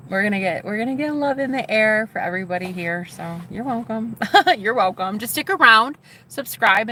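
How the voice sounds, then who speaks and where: A woman live streamer chatting casually with her viewers, gushing and excitable, with casual swearing. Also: fairly high pitch, slight background noise.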